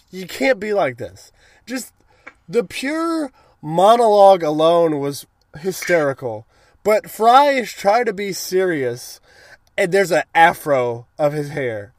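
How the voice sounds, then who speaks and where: A young man in casual chat, excitedly retelling cartoon scenes and acting out lines in goofy voices. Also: sits high, no room sound, studio quality. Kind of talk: casual episode recap chat.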